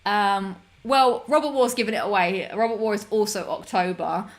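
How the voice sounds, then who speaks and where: A woman's voice: mid-range voice, normal speed. A woman hosting a casual stream, reading out chat messages in an upbeat, giggly way with lots of fillers. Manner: chatty, upbeat, giggly, many fillers and restarts.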